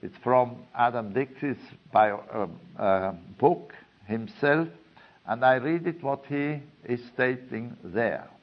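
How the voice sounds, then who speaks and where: A man giving a lecture in a slow, deliberate way, pausing often with fillers. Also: mid-range voice. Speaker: teacher of a study course. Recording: dull lo-fi recording.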